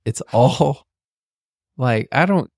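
Gravelly, laid-back man co-host. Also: medium pitch, animated, extremely slow, a little mellow, no room sound, studio quality. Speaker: podcast co-host. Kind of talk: casual chat with his wife.

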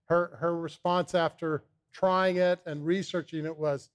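A man's voice: on the high side, fairly even intonation, unhurried, clear, resonant tone. A man, a guest on a talk show, eagerly explaining a supplement, often repeating his first words. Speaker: supplement company founder, guest.

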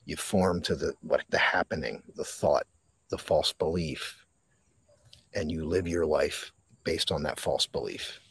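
A man hosting a live mindfulness podcast from a park, talking slowly and reflectively with dramatic pauses and reading viewer comments. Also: very deep voice, creaky, fairly bright tone, slightly rough, no room sound. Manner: reads and answers viewer comments. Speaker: podcast host. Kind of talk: live-streamed mindfulness talk. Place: outdoors in a park.

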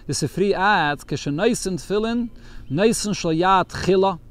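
Man teaching a text lesson, somewhat high. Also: normal speed. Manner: reads Yiddish text aloud, then explains it in English. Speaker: Torah teacher.

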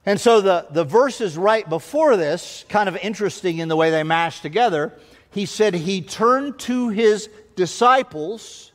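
High-voiced male pastor in a reverberant hall. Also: lively intonation, unhurried. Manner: emphatic, building rhythmic repetition. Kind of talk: sermon. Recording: long hall reverb of a large church.

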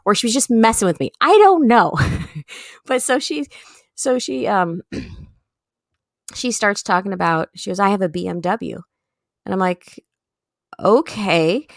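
A woman co-hosting a comedy podcast, telling a story in a casual, animated way and often jumping into high, excited bursts. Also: slow, creaky, pauses often, dry recording, studio quality. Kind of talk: casual chat, telling stories.

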